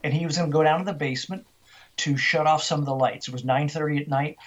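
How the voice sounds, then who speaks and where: An older man, the guest in an interview, telling a story in an animated way, often restarting and repeating words. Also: fairly high pitch, slightly rough, dull audio.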